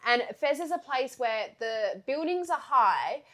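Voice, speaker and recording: A woman's voice: sits high, unhurried. Storytelling woman podcast co-host. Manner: storytelling, lively recounting. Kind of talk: casual chat.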